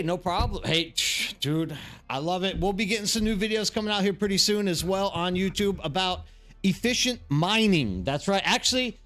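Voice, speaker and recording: An energetic man hosts a live game stream, chatting loosely with his viewers and greeting them by name. His voice sits a little on the high side for a man.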